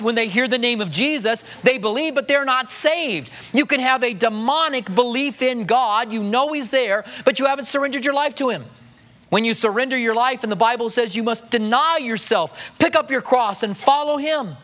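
High-voiced man preaching a conversational sermon. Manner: conversational preaching with rhetorical questions; drops to a soft hush when voicing prayers. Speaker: pastor. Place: church.

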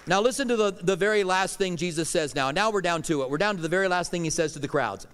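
A middle-aged pastor preaches a sermon with earnest conviction, his voice a little high for a man, expressive, smooth and fast. He swings between pushing lines out loudly and dropping others to a hush. Each phrase trails off in long reverb, like a church sanctuary.

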